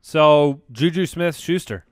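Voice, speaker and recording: A man's voice: on the high side, takes it slowly, dry recording, studio quality. A man hosting a casual sports podcast, upbeat and steering the talk from topic to topic. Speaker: podcast host.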